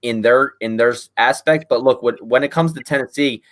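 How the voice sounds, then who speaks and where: A man's voice: medium pitch, a little fast, a bit bright. Laid-back guy chatting football. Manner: laid-back, many fillers like "man" and "you know". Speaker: podcast guest. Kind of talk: casual chat.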